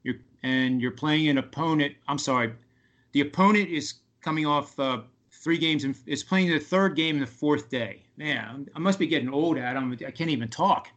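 A man's voice: on the high side, fairly bright tone, dull audio. A man talking as a guest sports betting analyst on a radio podcast, with lots of fillers and restarts. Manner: halting, many fillers and restarts. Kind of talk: casual radio talk.

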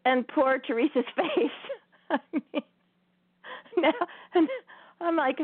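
A woman with a high voice tells a story at an unhurried pace and keeps breaking into laughter. She hosts a spiritual talk show. The sound is tinny and dry, as if it came over a phone line. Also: lively intonation, dry recording. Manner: laughs often while telling a story. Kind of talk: casual storytelling on air.

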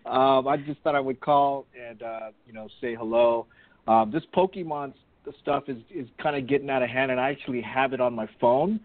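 A man's voice: mid-range voice, no echo. Pennsylvania guy calling in, laid back, stumbles a bit, dry tinny phone sound. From Pennsylvania, USA. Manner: relaxed, halting, chatty. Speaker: caller. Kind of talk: casual phone call.

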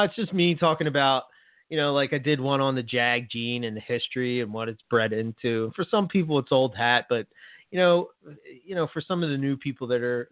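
A man's voice: medium pitch, dry recording. Chatty man on a tinny line. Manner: rambling, laughs a lot, many fillers. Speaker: podcast co-host. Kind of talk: casual chat. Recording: tinny phone-like sound, dry.

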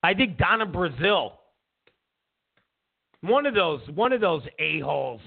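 A man's voice: high-pitched, sing-song, unhurried, creaky. A man hosting a political commentary show, ranting in a sarcastic, mocking way, stumbling over restarts and mimicking opponents. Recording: tinny phone-like lo-fi sound.

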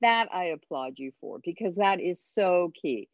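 A woman parenting coach and author, a radio interview guest, speaking emphatically and giving tips with dramatic pauses. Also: fairly low pitch, animated, no room sound, lo-fi sound.

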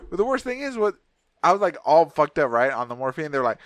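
Profane animated man telling a story. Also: fairly high pitch, fast, no echo. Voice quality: profane, animated, acts out voices in anecdotes. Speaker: podcast co-host. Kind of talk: casual storytelling chat.

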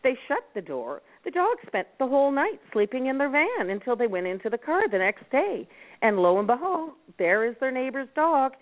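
A woman from Nova Scotia who founded a dog rescue network, calmly giving advice as a guest on a radio talk show. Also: high-pitched, normal speed. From Nova Scotia, Canada. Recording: tinny phone line.

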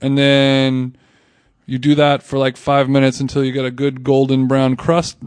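Guy hosting a food podcast, smooth voice, dry close mic, rambly and laughs a lot. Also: mid-range voice, monotone, normal speed, a little mellow, dry recording. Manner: rambling, laughs often, trails into restarts. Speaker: podcast host. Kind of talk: casual chat.

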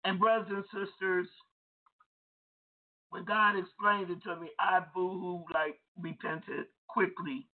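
A woman preaching in a slow, unhurried way, stretching out her words. She tells the story with feeling and acts out both sides of the dialogue. The sound is narrow and thin, like a voice over a phone line. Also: fairly low pitch, little pitch movement. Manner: emotional storytelling, acts out dialogue, swells to cries. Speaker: pastor. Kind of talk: sermon.

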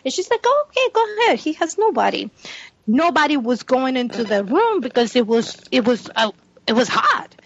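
A woman with a high voice tells an animated story in casual podcast chat, laughing often as she talks. The sound is dry and close, with a dull, lo-fi tone. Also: moderate pace, dry recording. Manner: animated, laughs often while telling stories. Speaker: podcast co-host.

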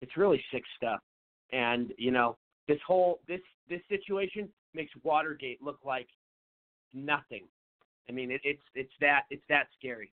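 A man's voice: medium pitch, moderate pace. A man hosting a talk radio show, giving blunt, emphatic opinions and taking callers. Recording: thin phone-like sound.

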